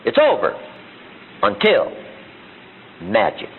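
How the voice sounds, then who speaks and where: A middle-aged man delivers a motivational seminar, firing rhetorical questions and acting out quotes with a rather high, husky voice. His pitch swings widely as he presses each point. The recording is narrow and tinny, like an old phone line. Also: big pitch swings, brisk. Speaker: motivational speaker. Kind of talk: seminar speech. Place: seminar room with audience. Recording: tinny phone-like archive audio.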